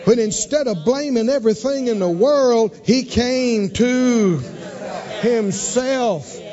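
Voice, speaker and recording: Casting: emphatic man preaching, very high voice, echoing hall. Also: takes it slowly, warm tone. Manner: emphatic, call-and-response, dramatic swings in pitch and volume. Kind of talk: sermon. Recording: dull recording with long hall reverb.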